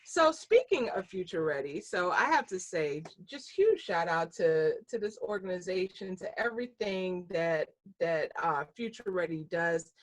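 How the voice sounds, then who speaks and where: A woman's voice: on the low side, animated, moderate pace, hardly any pauses. A middle-aged American woman giving a conversational keynote presentation over a webinar, speaking with frequent fillers and restarts.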